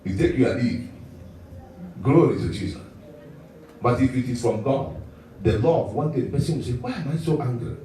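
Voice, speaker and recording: A man preaching a sermon as pastor, animated and often chuckling as he talks. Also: medium pitch, moderate pace, long pauses, slight background noise. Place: church hall. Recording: echoey church hall, mic at a distance.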